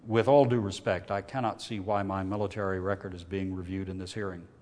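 A man voicing a veteran army sergeant who speaks in a slow, respectful cadence. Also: low voice, fairly even intonation, darkish tone, long reverb tail, natural voice. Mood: controlled. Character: respectful experienced male army sergeant, calm.

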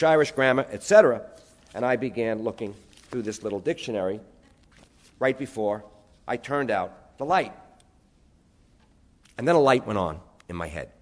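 A New York storyteller with a mid-range voice entertains an audience with lively, animated tales, spelling words out and acting out the voices of his relatives.

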